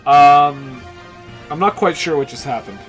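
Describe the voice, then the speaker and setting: A man's voice: a little high, unhurried, faint music behind. A man from Canada co-hosting a podcast in casual comedic chat, easygoing, reading out listener comments. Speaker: podcast co-host.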